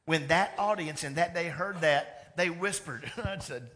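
A man preaching a sermon as pastor, animated, moving between loud emphatic lines and hushed ones. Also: a little high, a little slow, slight background noise.

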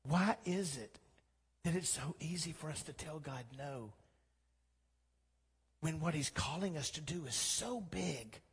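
A man preaching a sermon as pastor, swinging from quiet talk to loud, impassioned exhortation. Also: on the high side, animated, unhurried, long pauses, slightly rough, big-room sound. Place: church sanctuary.

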